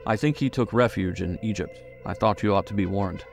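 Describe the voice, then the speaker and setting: A man's voice: lowish voice, a little fast, vocal fry, soft background music. A man voicing a tough, resentful backwoodsman who answers curtly and angrily. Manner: curt, angry.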